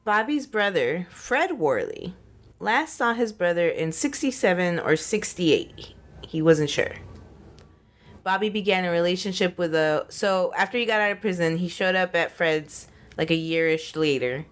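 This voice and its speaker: A woman's voice: on the low side, expressive, a little slow. A woman co-hosting a podcast, telling a story in a casual, rambling way with many fillers and restarts. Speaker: podcast co-host.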